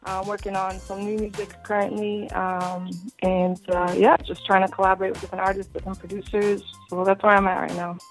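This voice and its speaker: A woman's voice: medium pitch, little pitch movement, a little fast, hardly any pauses, faint music behind. A woman from Boston who is an R&B singer and songwriter, answering radio interview questions in a friendly way with frequent ums. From Boston, Massachusetts.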